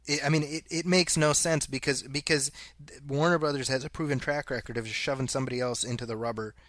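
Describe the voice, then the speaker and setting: Bright-voiced man co-hosting a podcast. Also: mid-range voice, fairly even intonation, fast, dry recording, studio quality. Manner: reads listener quotes aloud, laughs often. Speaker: podcast co-host. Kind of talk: casual chat.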